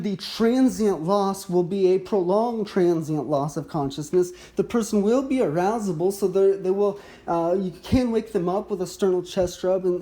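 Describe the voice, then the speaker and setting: Mellow-voiced man teaching a medical overview. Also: sits high. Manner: measured, explanatory, occasional restarts. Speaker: medical educator.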